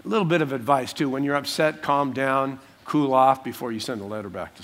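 A man, a pastor preaching a sermon and teaching through a passage verse by verse, breaking into small acted-out scenes in softer voices. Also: medium pitch, fairly quick, hardly any pauses, a little hiss or hum. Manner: animated, acts out little scenes in dropped voices.

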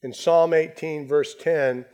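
A man preaching a sermon, slowing down to stress his key phrases. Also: a little high, fairly even intonation, darkish tone, clean tone. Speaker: pastor.

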